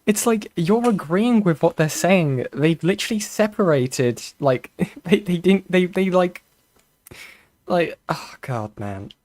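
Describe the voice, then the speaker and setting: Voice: mid-range voice, animated, slow pace, darkish tone. A streamer reacting to a played call with casual, mocking asides. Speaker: streamer, commentary host.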